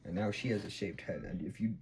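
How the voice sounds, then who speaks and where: A man's voice: fairly low pitch, quick pace, darkish tone, a little hiss or hum, poor audio. A man hosting a video, casually recapping a show in a rambling way with lots of fillers. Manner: rambling, full of fillers and acted-out quotes. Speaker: video host.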